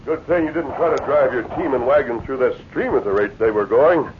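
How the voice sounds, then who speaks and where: An actor in a 1940s radio drama playing a calm, steady masked hero of the Old West who questions a stranger. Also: male voice, mid-range voice, a little hiss or hum, lightly acted. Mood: measured. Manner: calm, probing, measured. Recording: tinny old radio recording.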